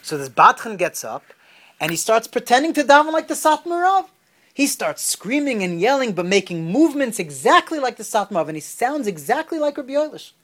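A man teaching a Torah class, an animated storyteller who rises in pitch on key points. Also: a little fast.

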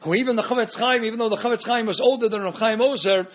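A man's voice: very high-pitched, steady tone, fast talker, dull audio. A man teaching a Talmud lecture, firing rhetorical questions and answering them, with Hebrew and Aramaic terms woven through his English. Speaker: Torah teacher.

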